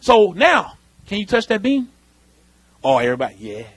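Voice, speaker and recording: A man preaching a lively sermon in church, calling out to the congregation. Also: high voice, moderate pace. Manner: animated preaching, calls out to the congregation. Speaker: pastor. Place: church sanctuary.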